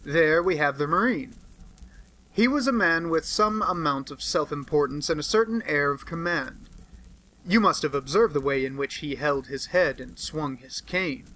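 A sharp, aloof male detective as a man reads him in an audiobook, explaining in crisp, lecturing sentences. The voice is bright and forceful with a slightly raised pitch, offhand and brusque. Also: normal speed, low-quality recording. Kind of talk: audiobook character reading.

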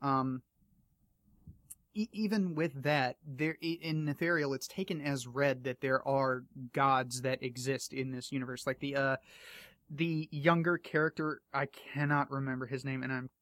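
A man's voice: mid-range voice, steady tone, measured pace, a bit bright, no room sound, clean studio sound. A man hosting an interview, rambling and eager as he thinks aloud, and losing his voice. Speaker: podcast host interviewing an author. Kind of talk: casual interview chat.

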